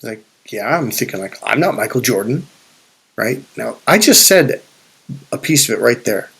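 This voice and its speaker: A man's voice: medium pitch, expressive, normal speed, vocal fry, a bit bright, husky. A man coaching viewers through a casual, rambling story, swearing freely and restarting his sentences often. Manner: profane, rambling, with frequent restarts. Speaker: spiritual and life coach.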